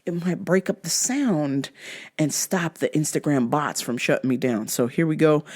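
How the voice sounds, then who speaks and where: A woman hosting her own show, talking in a loose, animated monologue and swearing freely, with laughs between remarks. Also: sits low, moderate pace. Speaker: podcast host and DJ. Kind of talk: casual monologue.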